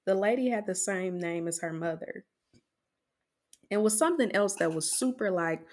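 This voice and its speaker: A woman's voice: medium pitch, moderate pace. A woman hosting a casual podcast discussion, speaking in a conversational, reflective way with frequent restarts. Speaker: podcast host.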